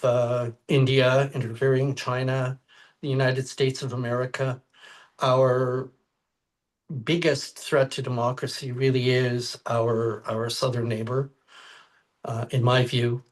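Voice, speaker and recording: A Canadian man answers a panel question over a video call. He speaks very slowly and gravely, pausing on hesitations, in a voice of ordinary middle pitch. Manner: grave, deliberate, with many "uh"s.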